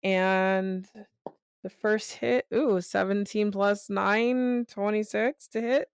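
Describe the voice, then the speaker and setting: Slow-talking tired woman at a game table. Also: mid-range voice, fairly even intonation, clean tone, dry recording, clean studio sound. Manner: unhurried, tallies dice out loud. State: tired, yawning. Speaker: player. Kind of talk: tabletop game play, casual chat.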